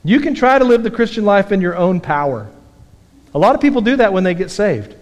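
High-voiced preacher in a reverberant church. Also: male voice, very animated, brisk. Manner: folksy storytelling preacher, rising to emphatic exhortation. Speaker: pastor. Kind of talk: sermon. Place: church sanctuary. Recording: long hall reverb.

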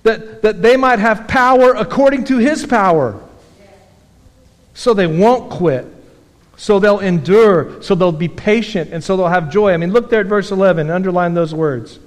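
Male pastor, high voice, folksy storyteller who builds to earnest emphasis; sermon in a church hall with long reverb. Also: normal speed. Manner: folksy storytelling preacher, rising to emphatic exhortation. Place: church sanctuary.

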